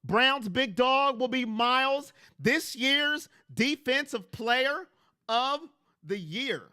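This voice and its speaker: A man's voice: extremely high pitch, expressive, slow pace, pushed and bright, smooth, no echo, clean studio sound. A man hosting a casual fan livestream on a headset mic, talking emphatically and repeating himself as he speaks straight to his chat.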